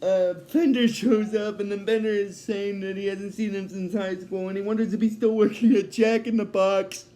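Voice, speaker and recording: A man's voice: high-pitched, steady tone, a little slow, warm tone. A man casually recapping a cartoon episode, rambling, often restarting his sentences and laughing at his own retelling.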